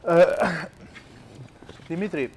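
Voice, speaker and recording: A man hosting a talk show, asking questions in halting, non-native English. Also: on the high side, slight background noise. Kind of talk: casual interview.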